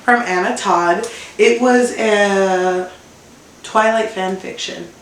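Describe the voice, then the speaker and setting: A woman's voice: medium pitch, takes it slowly. A sleep-deprived woman co-hosting a casual chat, giggly and rambling. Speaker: podcast co-host. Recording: echoey room, mic at a distance, faint noise.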